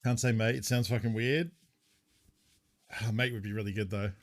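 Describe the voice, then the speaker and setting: A man's voice: on the low side, normal speed. A young Australian man chatting casually with his viewers while streaming a game, rambling and swearing lightly. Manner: relaxed, rambling, answers chat, swears casually. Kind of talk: casual live-stream chat.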